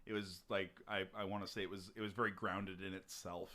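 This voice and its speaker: A man co-hosting a podcast in casual chat, halting and restarting with fillers. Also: low-pitched, little pitch movement, bright, forceful tone. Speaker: podcast co-host.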